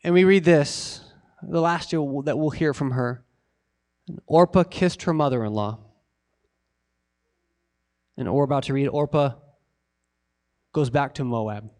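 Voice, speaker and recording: A man preaching a sermon as a pastor, earnest and emotional, sometimes dropping to a hushed, intimate tone. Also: mid-range voice, unhurried. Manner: earnest, emotional preaching with sudden drops to quiet.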